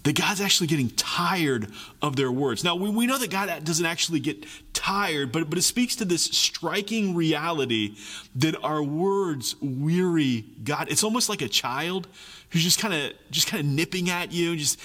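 Animated male preacher in a large hall. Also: fairly high pitch, moderate pace. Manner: animated, acts out voices of complaining people. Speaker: pastor. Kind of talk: sermon.

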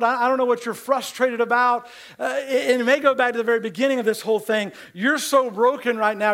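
A man's voice: extremely high pitch, fairly bright tone. A man preaching a sermon to his congregation, talking in a conversational way and repeating words for emphasis. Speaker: pastor.

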